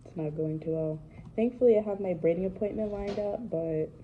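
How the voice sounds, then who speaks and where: A woman's voice: mid-range voice, a little fast, narrow, tinny audio. Chatty young woman vlogging from work. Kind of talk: casual vlog chat. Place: indoor workplace at opening time. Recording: noisy workplace background.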